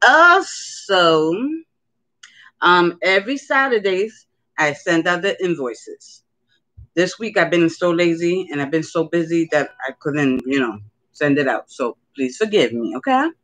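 A woman's voice: lowish voice, a bit bright. A woman hosting a casual live-stream jewelry sale from home. She greets viewers by name and keeps checking in with "okay?".

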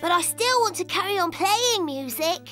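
A woman's voice: extremely high pitch, lively intonation, normal speed, a bit bright. A woman voicing a small, playful young male donkey full of ideas, giggling and making bouncy sing-song noises. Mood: cheerful. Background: children's music.

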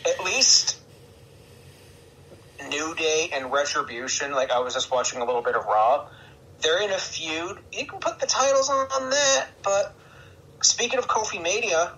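A man hosting a podcast, chatting casually and excitably about wrestling and laughing often. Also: fairly high pitch, low-quality recording. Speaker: podcast host. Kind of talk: casual chat.

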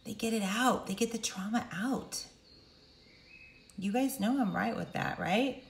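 A middle-aged woman coaching viewers directly, emphatic and animated, acting out quotes in sudden high voices. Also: unhurried, creaky, echoey room, a little hiss or hum. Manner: animated, emphatic, acts out quotes with big pitch jumps. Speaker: speaker and coach. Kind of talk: direct-to-camera talk.

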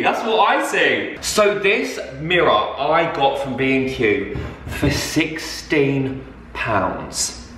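A young man vlogging a DIY project, loud, excitable and over the top. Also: mid-range voice, slow pace, roomy sound, slight background noise. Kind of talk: chatty DIY vlog.

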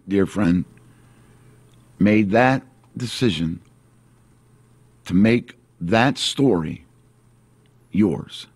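Deep slow-spoken preacher man. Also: a little mellow, no echo. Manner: earnest, repetitive preaching, slowing on key phrases. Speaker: pastor. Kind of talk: sermon.

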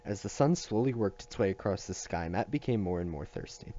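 Low-voiced man reading a novel aloud. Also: brisk, lo-fi sound. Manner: steady reading with occasional slips and restarts. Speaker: reader.

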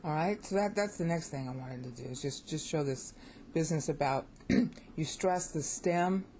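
An American woman with a low, mellow voice talks through a pronunciation lesson in a loose, opinionated way. She often restarts and repeats words as she works out her point. A faint hiss sits under the recording. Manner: opinionated, repeats words while thinking aloud. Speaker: language teacher.

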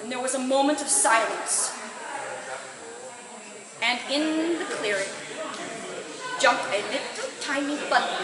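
A woman storyteller with a high, animated voice, spinning a playful tale at an unhurried pace. The hall around her rings with echo, and a live audience is clearly heard. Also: recorded from a distance, crowd noise. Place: indoor event hall.

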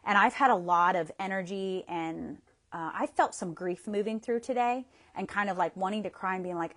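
A woman's voice: mid-range voice, moderate pace, a bit bright. A woman coaching viewers through a tapping livestream on her phone, talking in a chatty, affectionate way with frequent restarts.

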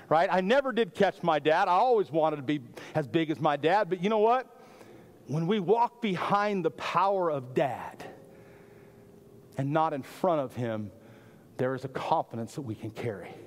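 A middle-aged man, a lead pastor, preaching a storytelling sermon in an animated way, often repeating words as he starts a phrase. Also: on the high side, big-room sound.

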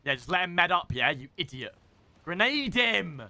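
A young man commentating his own live game stream, excitable and swearing, often shouting at other players. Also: on the high side, fast talker, dry recording.

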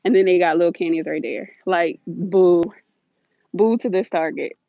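A woman's voice: on the low side, normal speed, dry recording. Chatty woman on a dull phone mic. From United States. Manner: chatty, scattered, laughs often. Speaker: shopping vlogger. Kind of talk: casual live-stream shopping chat. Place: inside a large store. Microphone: phone held while walking. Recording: dull, dry phone audio.

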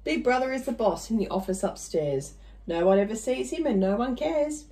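A woman's voice: fairly high pitch, expressive, moderate pace, warm tone, poor audio. A woman reading a rhyming children's story aloud, playful, with little asides to the listener.

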